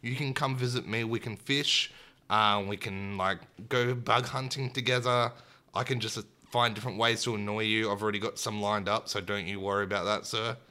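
A man's voice: fairly low pitch, fairly even intonation, moderate pace, sharp tone. A young man co-hosting a podcast in casual, upbeat chat, often acting out little voices. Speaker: podcast co-host.

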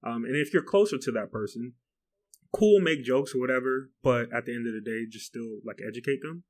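A man's voice: mid-range voice, brisk, a little mellow. A man co-hosting a casual podcast, talking loosely with lots of fillers. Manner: loose, says "like" a lot, laughs often. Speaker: podcast co-host. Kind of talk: casual chat.

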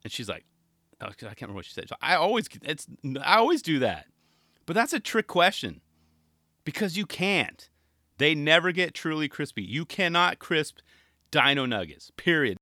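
A man hosting a podcast, rambling in an animated, jokey, slangy way. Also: on the high side, moderate pace, dry recording, studio quality. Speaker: podcast host. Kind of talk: casual chat.

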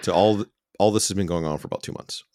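A man co-hosting a podcast, calmly explaining and arguing his reading of the show. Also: low-pitched, fast talker, no echo, studio quality. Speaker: podcast co-host. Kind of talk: casual podcast chat.

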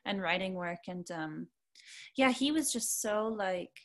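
A young adult female musician chats casually as an interview guest, rambling with lots of fillers and some offhand swearing. Her medium-pitched voice has lively intonation and a slightly slow pace.

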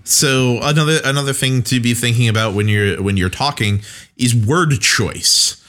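A man's voice: mid-range voice, moderate pace, a bit bright. An American man co-hosting a podcast, casually explaining tips for running tabletop games, often repeating words as he starts. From United States. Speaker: podcast co-host.

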